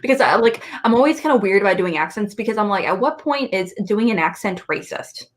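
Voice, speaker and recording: A woman's voice: mid-range voice, expressive, a little fast. A woman co-hosting a casual chat, rambling with many fillers. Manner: rambling, lots of fillers and laughs. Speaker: co-host.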